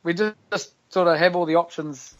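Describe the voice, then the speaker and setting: Give me a New Zealand man chatting casually as a podcast guest, animated and slangy, with a slightly high pitch. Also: a little fast, muffled recording. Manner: animated storyteller, laughs often, slangy. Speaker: guest, professional rugby player.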